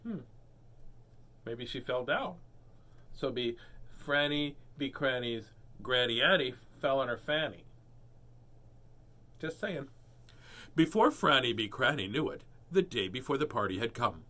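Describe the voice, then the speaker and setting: A man's voice: medium pitch, animated, a little slow, pauses often, bright, forceful tone. A man reading a children's picture book aloud, breaking off for playful jokes and asides. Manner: playful, joking asides, voices characters. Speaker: storybook reader.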